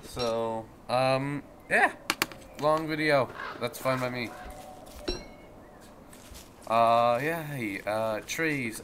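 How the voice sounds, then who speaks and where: American guy doing let's play commentary, slow goofy rambling, voice going hoarse, faint hiss behind. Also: medium pitch, a bit bright. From United States. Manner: rambling, goofy, talks to the game. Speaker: gameplay commentator.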